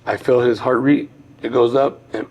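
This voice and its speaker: A man's voice: medium pitch, steady tone, normal speed, a little mellow, breathy edge, rough recording. A middle-aged man, a former boxer, telling a personal story on a podcast in an earnest, heartfelt, reflective way.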